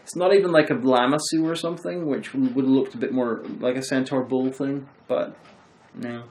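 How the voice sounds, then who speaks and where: A man hosting a film review chat, retelling the plot in a rambling, animated way. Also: mid-range voice, moderate pace, slight background noise, poor audio. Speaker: host of a film review show. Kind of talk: casual chat about a film.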